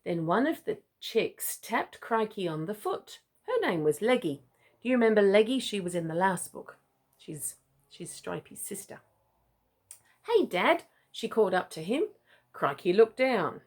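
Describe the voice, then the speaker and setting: Mum reading a picture book, lively. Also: female voice, mid-range voice, moderate pace. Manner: playful, chatty asides and laughs. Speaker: mother reading to her child.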